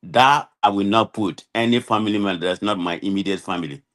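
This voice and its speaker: A man's voice: on the low side, fairly quick, a bit bright. A Nigerian man giving his opinion on a call-in discussion, rambling and leaning on "you know" as he talks. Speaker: guest caller.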